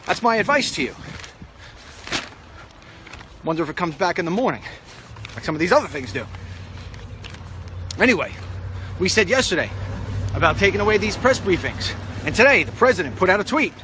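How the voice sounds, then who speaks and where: A man's voice: sits high, big pitch swings, fast talker, pauses often, bright, forceful tone, a little hiss or hum. A middle-aged man giving a rambling, confident walk-and-talk vlog commentary outdoors on a street, recorded on a handheld phone. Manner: rambling, confident, talks to the president directly. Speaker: political vlogger.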